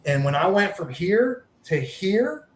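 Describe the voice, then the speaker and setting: A man's voice: high-pitched, takes it slowly. A man telling a long sports story in a casual podcast chat, acting out what people said. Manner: animated storyteller, acts out quotes. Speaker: charity founder, guest.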